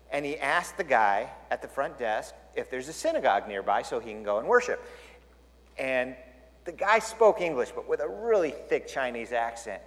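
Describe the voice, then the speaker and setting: A male pastor giving a storytelling sermon, jokey and animated, acting out the scenes. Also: mid-range voice. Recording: long hall reverb.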